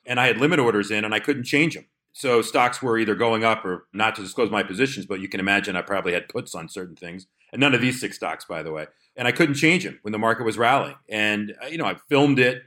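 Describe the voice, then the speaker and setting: A male trader co-hosting a podcast, speaking very quickly. He tells market stories in an animated, casual way. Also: fairly low pitch. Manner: fast, animated storytelling with quoted asides.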